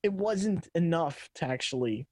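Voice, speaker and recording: A man's voice: on the high side, expressive, unhurried, darkish tone, no echo. A man co-hosting a casual late-night tech podcast, rambling through a story with frequent restarts and laughter. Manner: rambling, restarts sentences often, laughs while telling stories. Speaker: podcast co-host.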